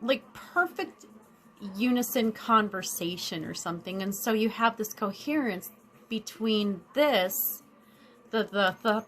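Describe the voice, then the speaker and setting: A woman's voice: medium pitch, slight background noise. A woman vlogger talking through a self-help idea in a rambling, casual monologue, often restarting her sentences and acting out everyday stories. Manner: rambling, many restarts and fillers; animated storytelling.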